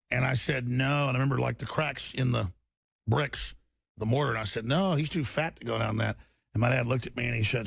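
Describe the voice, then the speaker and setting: A middle-aged man from Texas hosting a talk radio show, delivering a heated, rambling political monologue with sudden swings in pitch and repeated restarts. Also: brisk, a bit bright, no echo, clean studio sound. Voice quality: gravelly.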